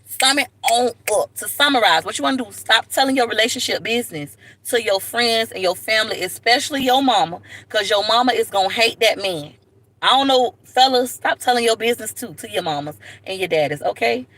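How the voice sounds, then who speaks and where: A woman's voice: a little high, expressive, fairly quick, a bit bright. A woman hosting a livestream, giving sassy, preachy relationship advice straight to the viewer in a comedic rant. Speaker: livestream host.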